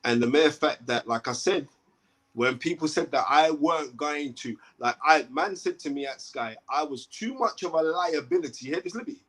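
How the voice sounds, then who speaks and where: A man's voice: a little high, normal speed, fairly bright tone. A man, a boxing commentator, talking emphatically as a guest and often checking in with "right?". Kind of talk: animated interview talk.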